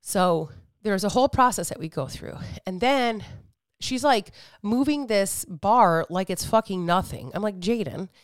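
A middle-aged woman talks through a fitness podcast monologue, candid and lively, swearing freely as she tells her stories. Her voice is smooth and clear, recorded dry and close with almost no room sound. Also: mid-range voice, unhurried, no echo. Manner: candid, animated storytelling with frequent swearing and acted-out quotes. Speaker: fitness coach and podcast host.

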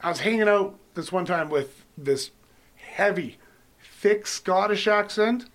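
A man's voice: sits high, a little slow, fairly bright tone. A man telling rambling, jokey stories in a casual chat with friends. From Canada.

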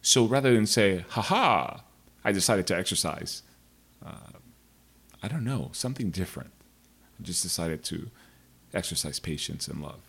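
A man with a deep, husky voice rambles through a personal story, speaking frankly and drifting off on side tracks. His delivery is casual and conversational, like a vlog monologue to his viewers. The voice sits low and breathy. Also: lively intonation, moderate pace, long pauses, fairly bright tone.

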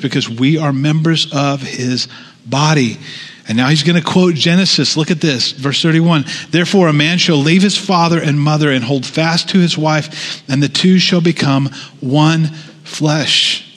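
A man's voice: a little high, measured pace, fairly bright tone. Preaching man in a reverberant hall. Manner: conversational preaching with asides and restarts. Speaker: pastor. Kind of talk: sermon.

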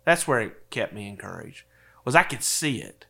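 A man's voice: on the low side, normal speed, creaky, husky. Folksy man telling stories. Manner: folksy, animated storyteller, chuckles often. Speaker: insurance advisor guest. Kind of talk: casual storytelling interview.

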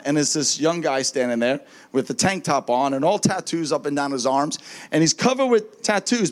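A man preaching as a minister, telling a lively testimony story and acting out the voices of the people in it, often with a laugh. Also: a little high. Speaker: traveling minister.

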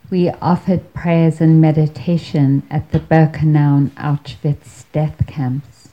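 Woman storyteller, wry and measured, very slow delivery. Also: low-pitched, mellow, highs cut off. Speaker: speaker telling a story. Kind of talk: storytelling talk.

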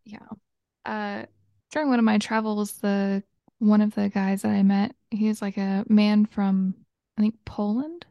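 Chatty woman podcaster from Georgia, gravelly. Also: mid-range voice, flat delivery, unhurried, no echo, dull audio. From Georgia, USA. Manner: chatty, laughs often, tells travel stories. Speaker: podcast co-host. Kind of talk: casual chat.

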